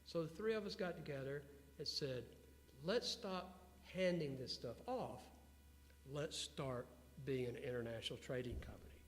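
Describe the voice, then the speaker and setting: A man being interviewed before an audience, telling business stories in an animated way and putting questions to the crowd. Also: mid-range voice, normal speed. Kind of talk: storytelling talk to an audience. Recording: long hall reverb with faint hum.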